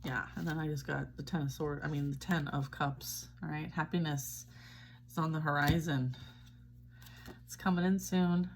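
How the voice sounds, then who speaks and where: A woman's voice: deep voice, fairly even intonation, normal speed, a little hiss or hum. A woman giving a casual tarot reading, chatty and reassuring, often checking in with "all right?". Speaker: tarot reader.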